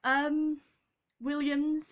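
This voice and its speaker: Casting: young British woman, giggly and rambling, slow delivery, slightly high voice. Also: flat delivery, narrow, tinny audio. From Britain. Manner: giggly, rambling, apologetic, with frequent ums. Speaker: vlogger. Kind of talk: casual chat.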